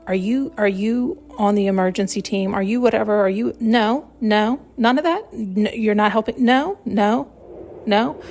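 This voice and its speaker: A woman's voice: medium pitch, normal speed, gravelly, a little mellow, slight background noise. A woman hosting a podcast, talking in a rambling, blunt, casual self-help monologue and swearing freely. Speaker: podcast host.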